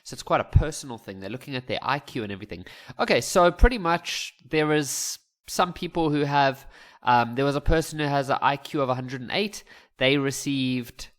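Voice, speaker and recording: A man talking through a maths exam paper in a relaxed, chatty way, thinking aloud and adding jokes. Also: medium pitch, normal speed. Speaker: maths teacher. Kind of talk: casual explanatory lesson voice-over.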